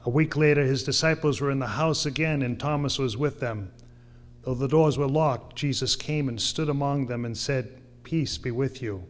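A man preaching a sermon, reading scripture slowly and then pressing his point with earnest emphasis. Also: mid-range voice. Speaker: pastor.

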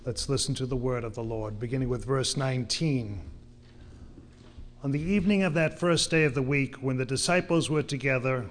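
A man preaching a sermon, reading scripture slowly and then pressing his point with earnest emphasis. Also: medium pitch. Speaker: pastor.

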